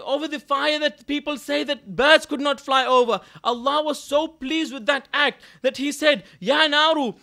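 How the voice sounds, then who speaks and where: A man giving a sermon, moving between loud declaiming and quiet storytelling and reciting Arabic verses. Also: extremely high pitch. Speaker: preacher. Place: mosque gathering hall.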